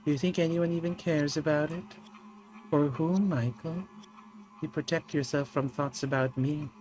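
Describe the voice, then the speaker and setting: A man voicing a haunting dead woman who softly accuses her former lover, read from a game. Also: on the high side, steady tone, normal speed, natural voice, low-quality recording. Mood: hushed accusing.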